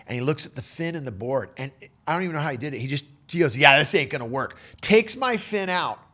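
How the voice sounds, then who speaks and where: A man telling a personal surfing story in a casual, animated way, full of surfer slang and fillers. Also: fairly high pitch, fast.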